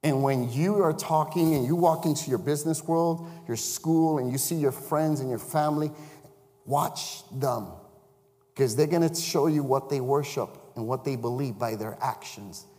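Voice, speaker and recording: A man's voice: medium pitch, normal speed, dark tone. Male chaplain-preacher, mid-range voice, chatty sermon delivery, recorded in a church sanctuary with a long echo. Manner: conversational, asks the congregation questions.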